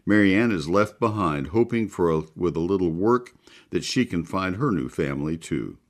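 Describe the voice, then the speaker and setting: A man's voice: deep voice, animated, moderate pace. A man hosting a call-in gardening radio show, talking in a folksy, chatty way with many filler words. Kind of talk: live call-in radio talk with read ads.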